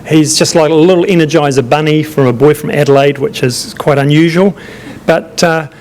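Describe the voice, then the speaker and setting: A man's voice: on the high side, steady tone, brisk, a little mellow. A man presenting to a conference audience as a tourism market manager, in a conversational way with fillers and restarts.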